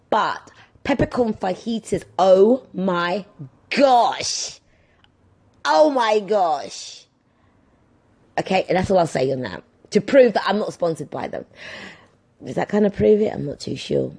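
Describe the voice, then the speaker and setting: Her voice is husky and fairly low, moving at a moderate pace. This woman in her thirties is a podcast host giving a casual storytelling monologue, animatedly performing the voices of the characters in her tales.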